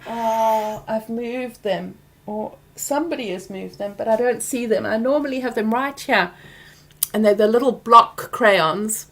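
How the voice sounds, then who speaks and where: Soft gentle woman doing a workshop q&a, kinda high voice, goes whispery sometimes. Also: unhurried. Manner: acts out anger with loud groaning sounds. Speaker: workshop host answering questions. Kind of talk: Q&A talk to an audience.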